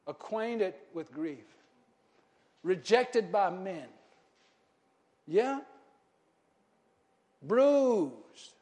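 A male preacher giving a sermon, often asking the congregation short questions and moving between loud shouting and quiet, low talk.

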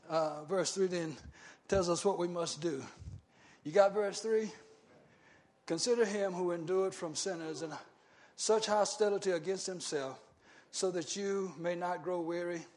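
High-voiced man preaching with call-and-response questions. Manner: keeps asking the congregation short questions; swings from loud shouting to quiet, low talk. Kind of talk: sermon.

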